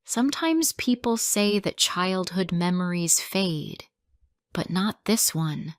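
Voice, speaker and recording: A woman narrating a sad story in a slow, clear, deliberate reading for English learners. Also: lowish voice, lively intonation, dry recording, studio quality.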